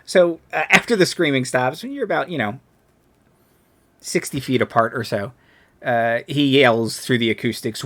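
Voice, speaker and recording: A man's voice: mid-range voice, moderate pace, pushed and bright. A man narrating a tabletop game as game master, hesitant, with many ums and uhs.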